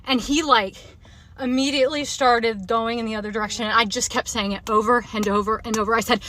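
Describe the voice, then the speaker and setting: A woman rants into her phone camera, agitated and emphatic, circling back to the same point. Her voice is bright and tense, and the sound is dry and close. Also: on the high side, normal speed, no room sound. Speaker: social media video poster. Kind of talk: agitated selfie-video rant.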